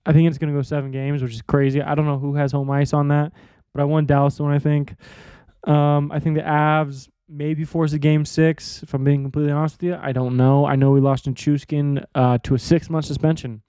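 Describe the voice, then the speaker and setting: A man's voice: on the high side, little pitch movement, a little fast, mellow, clean tone, dry recording, studio quality. A man hosting a sports podcast in a casual monologue, rambling and offhand, swearing freely. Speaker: podcast host.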